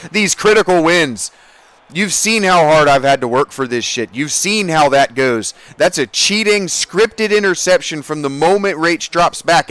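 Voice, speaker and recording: A man narrating his own football video game in a loose, profane rant, dropping to low mutters and then bursting out loud. His voice sits a little high for a man. The sound is dry and close, with no room around it. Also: normal speed, no echo. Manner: profane, excitable, ranting. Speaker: gaming streamer. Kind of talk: casual gameplay commentary.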